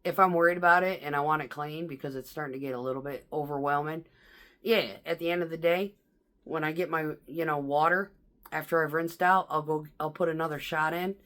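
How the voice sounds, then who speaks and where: A woman vlogger telling blunt, profane stories about coworkers in a casual, animated way, mimicking the people she talks about. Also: sits low, a little fast.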